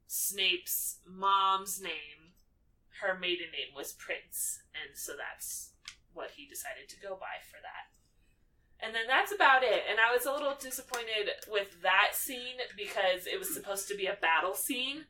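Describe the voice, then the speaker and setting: A woman's voice: mid-range voice, unhurried, recorded from a distance, rough recording. A woman co-hosting a podcast, casually retelling a film's plot and slipping into the characters' lines as she goes. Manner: animated storytelling, acting out lines with filler "like". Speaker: podcast co-host. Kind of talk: casual movie recap chat.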